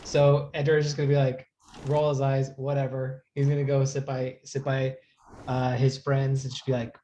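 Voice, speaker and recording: A man's voice: mid-range voice, monotone, moderate pace, mellow, highs cut off, a little hiss or hum. Playful man playing a tabletop game. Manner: playful, laughs often. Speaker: player. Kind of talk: tabletop role-play.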